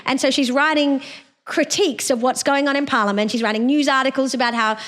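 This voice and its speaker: A woman's voice: sits high, steady tone, fairly quick, a bit bright. A woman hosting a podcast, giving an indignant, scornful solo commentary with derisive laughs. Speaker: podcast host.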